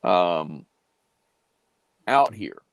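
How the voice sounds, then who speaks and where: A man's voice: deep voice, very animated, extremely slow, gravelly, clear, resonant tone, no echo, low-quality recording. A man, telling a long story casually on a live stream with plenty of fillers and restarts. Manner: drawling, rambling with many fillers and restarts.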